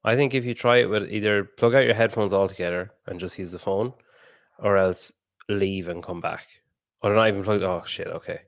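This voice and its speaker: A man's voice: low-pitched, steady tone, normal speed, gravelly, dry recording, studio quality. A man hosting a podcast interview over a video call, chatty and laughing often, with casual swearing. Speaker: podcast host.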